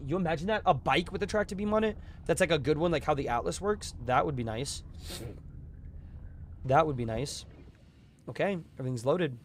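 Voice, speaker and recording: A young man streaming a space game live, chatting casually with his viewers, his voice a bit strained from yelling, with bursts of excitement. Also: on the high side, a little hiss or hum. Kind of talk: casual live gameplay commentary.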